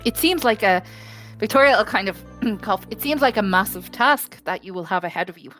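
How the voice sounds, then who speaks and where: A woman's voice: mid-range voice, expressive, fairly quick, a bit bright, lightly acted. A proud noblewoman presses her point with formal politeness, as a woman acts her out in a tabletop game. Her voice sits in the middle range, with faint music behind. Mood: insistent.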